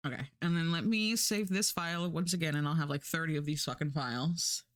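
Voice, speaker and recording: A woman's voice: sits low, a little fast, no echo, clean studio sound. A woman streaming live, chatting casually and rambling while she works, laughing often and swearing now and then.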